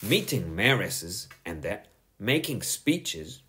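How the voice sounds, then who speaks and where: A man's voice: lowish voice, very animated, slow pace, pushed and bright, heavily acted. A man reading a children's audiobook, voicing a cheeky, defensive young schoolboy in a protesting, matter-of-fact way. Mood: chatty.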